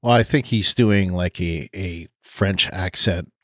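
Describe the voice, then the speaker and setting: A man's voice: low-pitched, takes it slowly, fairly bright tone, no echo, clean studio sound. A man co-hosting a podcast, chatting casually, laughing often and trailing off with fillers. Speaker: podcast co-host.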